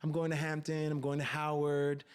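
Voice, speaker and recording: A man's voice: fairly high pitch, completely flat delivery, normal speed, smooth, voice pushed up, close to an everyday voice. A man mimicking prim, polite college-bound girls. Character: articulate young college-bound women, polite.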